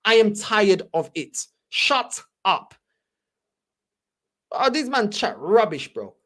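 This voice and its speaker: A woman's voice: medium pitch, very animated, slow pace, a bit bright. A woman hosting a fan channel, ranting heatedly in slangy, repetitive reaction commentary.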